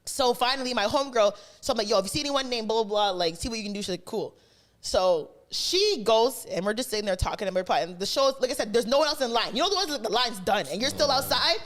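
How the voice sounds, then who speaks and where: A woman's voice: a little high, fast. A woman co-hosting a podcast, telling a story in casual chat and acting out the dialogue. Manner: animated storytelling with quoted dialogue. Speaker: podcast co-host.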